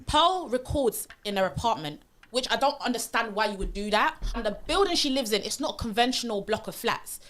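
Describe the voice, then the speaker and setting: Fast-talking British woman telling a story. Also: on the high side. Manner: animated, acts out quotes. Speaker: guest. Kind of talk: casual storytelling.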